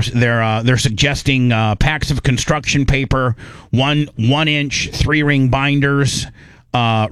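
A man's voice: mid-range voice, fairly bright tone, smooth, no room sound. A man hosting a radio talk show, rambling in casual banter. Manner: rambling, playful, slips into a mock Canadian voice.

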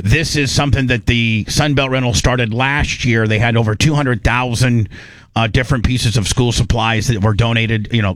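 A man's voice: medium pitch, fairly bright tone, no room sound. Rambling male radio host. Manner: rambling, restarts, lots of fillers. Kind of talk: casual talk radio chat.

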